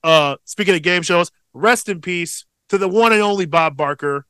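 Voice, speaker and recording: A man in his thirties co-hosts a podcast, animatedly telling a family story in casual chat and swearing constantly. His voice sits high and clean at a moderate pace, with no room sound.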